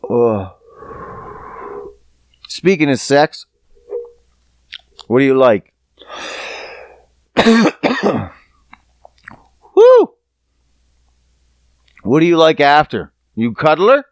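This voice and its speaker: A man's voice: on the high side, huge pitch swings, extremely slow, pauses often, clean tone, no echo. A man hosting a podcast who talks to his listeners in a casual, rambling monologue, swearing freely and joking. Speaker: podcast host.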